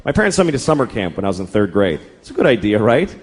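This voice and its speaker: A middle-aged man doing stand-up comedy, profane and exasperated, jumping into quick acted-out characters. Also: fairly low pitch, sing-song. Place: comedy club stage. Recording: live club set with audience laughter and noise. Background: audience laughter and room noise.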